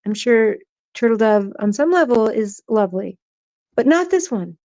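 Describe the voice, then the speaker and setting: A woman's voice: on the high side, very animated, normal speed, warm tone, no room sound, muffled recording. A woman hosting a live stream, chatting casually and teasing people in the chat, her voice worn out. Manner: playful, teasing, reads chat names aloud.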